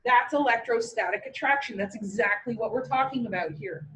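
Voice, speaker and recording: A woman's voice: fairly high pitch, fairly quick, fairly bright tone, a little hiss or hum, poor audio. A woman with a Canadian accent, teaching a class in a chatty, joking and encouraging way. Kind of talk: online class lecture.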